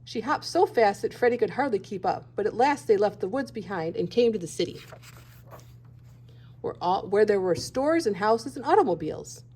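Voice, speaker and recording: Expressive woman reading a children's book. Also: mid-range voice, moderate pace, husky. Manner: expressive and gentle. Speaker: teacher reading aloud. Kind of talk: children's storybook read-aloud.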